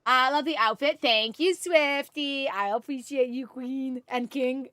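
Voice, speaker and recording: A woman's voice: sits high, unhurried, very noisy. A young woman streaming a game, chatting casually and rambling as she reads chat and thanks viewers by name. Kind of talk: casual live-stream chat while gaming.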